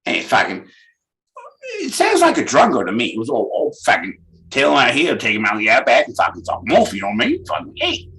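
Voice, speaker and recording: A man's voice: medium pitch, huge pitch swings, quick pace, bright, forceful tone, exaggerated voice, low-quality recording. A man voicing a crude, blunt Australian bloke with an Australian accent who swears constantly.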